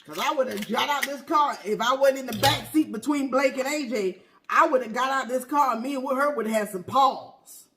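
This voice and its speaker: A performer playing a loud, gossipy middle-aged auntie in a comedy skit, telling a story while eating. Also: sits high, noisy background. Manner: animated, talks between bites of food; exclamatory, drawn-out "baby", "child", "honey". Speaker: comedy mukbang character.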